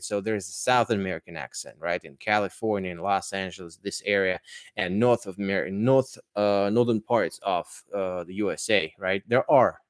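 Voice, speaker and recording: On a live-streamed language podcast, an English teacher answers viewer questions in a fairly low voice. He's chatty but hesitant, with many fillers and restarts. The recording is close and dry.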